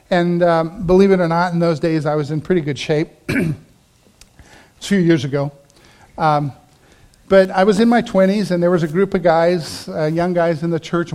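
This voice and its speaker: A middle-aged male pastor delivers a sermon in a fairly high voice. He tells stories and acts out the voices of the people he quotes. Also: fairly even intonation, normal speed, darkish tone.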